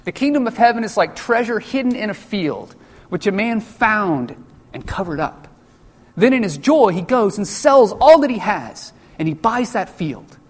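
A man preaching a sermon in a loose, conversational way, full of jokey asides and quick acted-out voices for the people in his stories. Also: high voice, very animated. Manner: casual, jokey asides, acts out quoted voices. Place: church sanctuary. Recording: long church-hall reverb.

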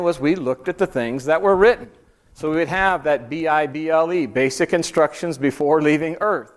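A man teaching a church Bible class, talking through an outline in a conversational way and pressing hard on key points. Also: fairly high pitch. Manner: conversational, rising emphatic when stressing points.

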